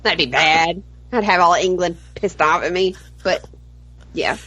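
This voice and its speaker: A woman co-hosting a podcast, bubbly and giggly, gushing with animated energy. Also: lowish voice, measured pace, breathy edge, no room sound. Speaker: podcast co-host. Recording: dull lo-fi audio.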